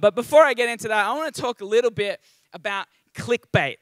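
A man's voice: sits high, quick pace, pushed and bright, no echo. Upbeat Australian man preaching. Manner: chatty and upbeat, with frequent ums and asides. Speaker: guest preacher. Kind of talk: sermon. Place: church service.

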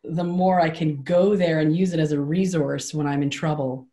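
Woman co-host, very low voice, rambling and animated, video call chat. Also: normal speed. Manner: animated and rambling, with laughs and self-corrections. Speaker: co-host leading the session.

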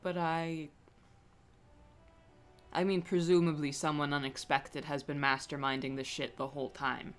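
Relaxed streamer voice, slow drawl, mid pitch, casual cursing and easy laughter, soft music underneath. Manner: laid-back, swears casually, laughs often. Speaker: game streamer. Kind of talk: casual live-stream chat while gaming.

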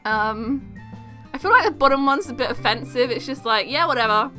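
A woman's voice: high-pitched, animated, normal speed, sharp tone, faint music behind. A young woman casually chatting while playing through a phone game, giggly and full of ums. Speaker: gaming channel host. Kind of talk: casual game playthrough commentary.

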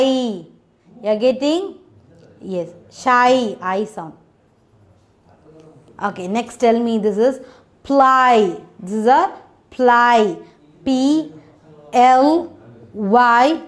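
Slow-spelling woman phonics teacher. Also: fairly high pitch. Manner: slow, spells letters one by one, repeats words; frequent "okay" checks with the children. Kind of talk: children's phonics lesson.

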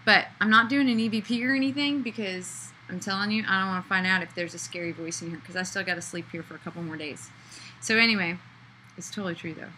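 A woman author chatting excitedly from a hotel room, gushing with enthusiasm. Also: lowish voice, quick pace, slight background noise, rough recording. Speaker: children's book author. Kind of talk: casual excited video chat.

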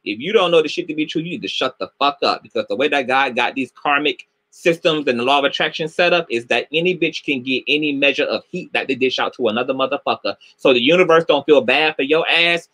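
A middle-aged man hosting a livestream commentary show, animated and sassy, swearing heavily and greeting viewers by name. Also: mid-range voice, quick pace, few pauses.

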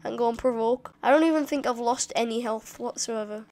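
A woman giving excitable gameplay commentary, swearing often and shouting insults at enemies. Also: fairly high pitch, fast, hardly any pauses, a crowd in the background. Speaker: gamer.

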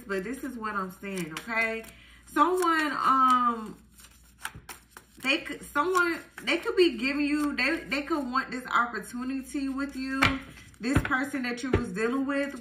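A woman giving a casual tarot reading to viewers, chatty and animated, full of fillers. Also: high voice, reverberant, noisy background. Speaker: tarot reader.

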